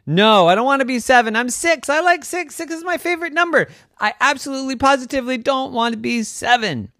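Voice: high voice, lively intonation, a little fast, sharp tone, no room sound, studio quality, pitched above the performer's own voice, heavily acted. A storyteller voicing a stubborn six-year-old girl who insists she will not turn seven, in an improvised bedtime story. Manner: insistent, whiny, repeats "no".

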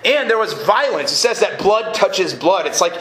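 High-voiced man preaching in an echoey room. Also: lively intonation, moderate pace. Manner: conversational and joking, often checks in with the audience. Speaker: college ministry director preaching. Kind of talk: live sermon. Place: live gathering at a college. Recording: roomy live room recording with faint noise.

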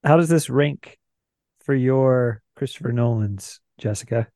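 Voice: mid-range voice, measured pace, mellow, no room sound. Playful podcast host with a dry sound. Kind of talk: casual chat.

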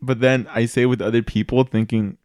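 A young man hosting a podcast in casual chat, laughing often and talking in an animated way. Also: mid-range voice, fairly quick, no room sound, studio quality. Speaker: podcast host.

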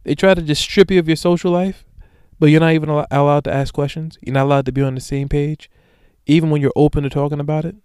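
A man's voice: a little high, steady tone, fast talker, a little mellow, smooth, no room sound, clean studio sound. A young man hosting a solo podcast, talking casually and profanely in slang, rambling through stories and often asking "you know what I'm saying". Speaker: podcast host.

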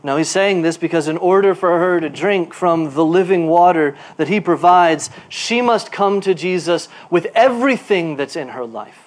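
A male pastor preaching a sermon. His delivery is animated, moving from quiet asides to emphatic bursts, and he repeats words while he looks for a phrase. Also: fairly high pitch, moderate pace, hardly any pauses.

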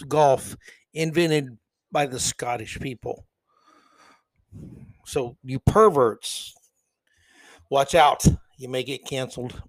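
A man's voice: fairly high pitch, no room sound. A man hosting a podcast, delivering opinionated solo commentary in a sarcastic, mocking, exasperated way, with folksy asides to his listeners. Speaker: podcast host.

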